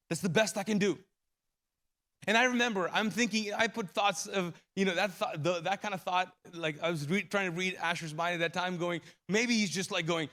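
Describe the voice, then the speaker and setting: Male pastor, 40s, live sermon, slightly high pitch, emotional storyteller. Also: moderate pace, fairly bright tone. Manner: emotional storytelling, voice rising and falling. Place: church auditorium.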